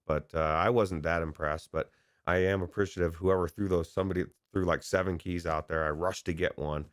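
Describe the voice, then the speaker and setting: Low-voiced male co-host, rambling casual chat, dry close sound. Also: fairly even intonation, fairly quick, no echo. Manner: rambling, hesitant, many fillers and restarts. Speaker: podcast co-host.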